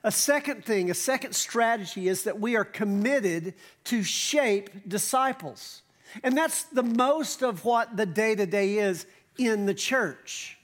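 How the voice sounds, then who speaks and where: A man, preaching a sermon from a church stage. He talks in a relaxed way, full of asides, and slows down to stress key phrases. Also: high-pitched. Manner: conversational preaching with asides and emphatic slowdowns. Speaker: pastor.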